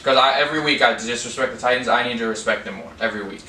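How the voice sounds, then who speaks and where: A man's voice: medium pitch, racing, sharp tone. A man co-hosting a sports betting podcast in casual chat, cracking jokes through the banter. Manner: joking, playful banter. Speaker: podcast co-host. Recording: echoey room, distant mic, faint hiss.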